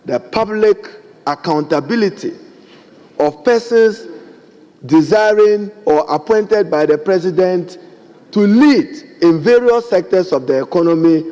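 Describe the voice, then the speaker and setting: A man's voice: fairly high pitch, dark tone. A middle-aged man with a Ghanaian accent giving a formal, emphatic speech in a parliamentary debate, repeatedly addressing the Speaker. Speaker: member of parliament. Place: large parliament chamber. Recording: long chamber reverb, faint background noise.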